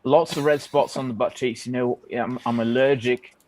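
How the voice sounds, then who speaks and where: A man's voice: medium pitch, fairly even intonation, normal speed, a little mellow, dry recording. A man co-hosting a trading stream, joking around in casual chat between market remarks. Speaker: co-host trader.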